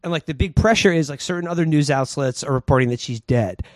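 A man's voice: a little high, quick pace, dry recording. A man co-hosting a casual podcast chat, animatedly recapping TV scenes. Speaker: podcast co-host.

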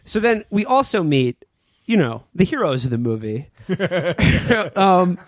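A man's voice: high voice, big pitch swings, slow, dry recording. Chatty man recapping a movie. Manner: rambling, joking, full of fillers and asides. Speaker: podcast co-host. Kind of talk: casual comedic movie recap.

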